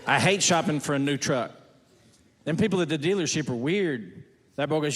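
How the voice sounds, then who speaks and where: A man's voice: on the high side, animated, moderate pace, pauses often, a bit bright, in a large hall. A man performing a stand-up routine, firing off folksy one-liners on stage before a laughing audience. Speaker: stand-up comedian.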